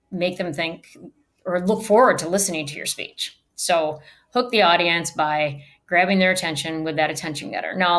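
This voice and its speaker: A woman teacher giving a recorded virtual lecture on public speaking, emphatic and shifting her delivery to show how things should be said. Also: lowish voice. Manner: emphatic, varies delivery to demonstrate. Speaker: speech teacher.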